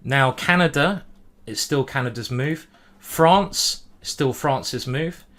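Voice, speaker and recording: A man streaming a simultaneous chess display, thinking aloud move by move in a hurried way and humming as he ponders. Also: medium pitch, bright, forceful tone. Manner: hurried, juggling many boards. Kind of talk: live-stream chess commentary.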